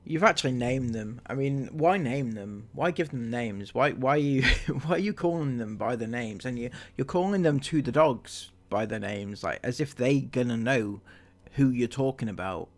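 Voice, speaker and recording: A man's voice: medium pitch, lively intonation, normal speed. A man giving sarcastic reaction commentary, firing incredulous rhetorical questions.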